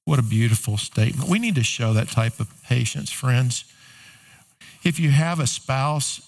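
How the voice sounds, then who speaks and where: Pastor, middle-aged man, mid-pitched voice, chatty sermon delivery with punchy rhetorical questions. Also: a little mellow. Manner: conversational preaching with rising emphatic questions.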